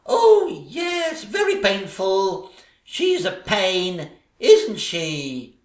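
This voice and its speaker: A man's voice: very high-pitched, full character voice. A man camping up a shrieking vain ugly stepsister. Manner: camp, shrieking, teasing sing-song delivery. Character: bickering vain ugly stepsisters, catty and boastful. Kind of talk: pantomime stage comedy. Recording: echoey stage recording.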